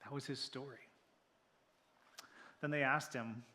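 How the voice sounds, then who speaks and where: A man preaching a sermon in a church, animated, acting out quoted voices and dropping to near-whispers for emphasis. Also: mid-range voice, a little slow, long pauses. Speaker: pastor. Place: church sanctuary.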